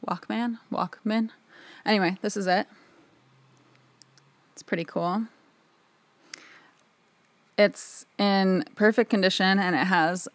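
A woman's voice: lowish voice, a bit bright, no echo. A woman talking casually to the camera in her own recording studio, rambling and chatty with lots of filler words. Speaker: audio engineer and video host.

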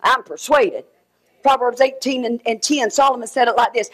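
Woman, middle-aged, high-pitched, preaching a fervent sermon. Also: normal speed, husky. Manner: fervent, swinging between shouted exhortation and quiet asides.

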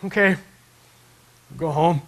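Speaking slowly in a fairly high voice, a male pastor gives a sermon in the church sanctuary. He keeps it loose and conversational, slipping into the voices of the characters in his stories.

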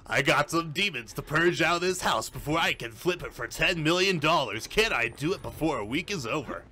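A man streaming a game, commenting live, swearing often and breaking into panicked yells and laughter at a computer. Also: a little high, very animated, moderate pace, noisy background. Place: at a computer, keyboard and mouse.

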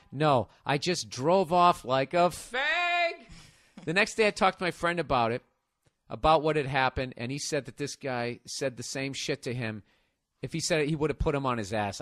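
A man's voice: medium pitch, no echo, studio quality. Ranting, profane man with a Boston accent. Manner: profane, animated ranting with bursts of loud laughter. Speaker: podcast host. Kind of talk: comedic ranting podcast talk.

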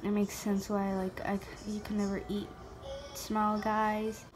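Young woman playing a game, talks slow, gets all excited and whispery, bit of music behind. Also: medium pitch. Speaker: gamer. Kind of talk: casual gameplay commentary.

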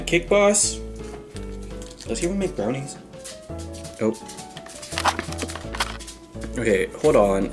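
A young man casually narrating his day for a vlog, baking at home and joking at his own expense. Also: on the low side. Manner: self-mocking, joking asides to the viewers. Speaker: vlogger. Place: home kitchen. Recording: music playing behind the voice.

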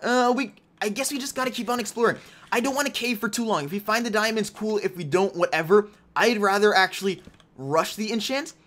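A man's voice: high voice, a little fast, fairly bright tone. A young man commentating his own game as he plays, chatting to himself and to viewers and teasing the other players. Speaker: gaming YouTuber. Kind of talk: live gameplay commentary.

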